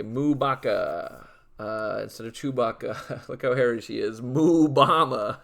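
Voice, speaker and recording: A man's voice: medium pitch, vocal fry, fairly bright tone. A young man giving casual gameplay commentary, listing names in a dry, matter-of-fact way with amused asides. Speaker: gaming video creator.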